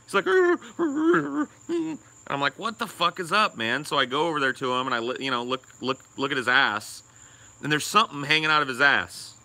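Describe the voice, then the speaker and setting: A man's voice: mid-range voice, fast talker, sharp tone. A young man co-hosting a podcast, telling a rambling, crude story and swearing a lot. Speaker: podcast co-host.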